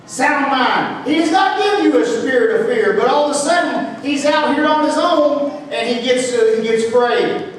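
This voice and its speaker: A man with a high, lifted voice preaches a fervent sermon, firing questions back at his congregation. He is picked up from a distance, so the words bloom and ring out through a big church hall with a long tail of reverb, and a faint room hum sits beneath him. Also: animated, normal speed. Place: church sanctuary. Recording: echoey church hall from far off.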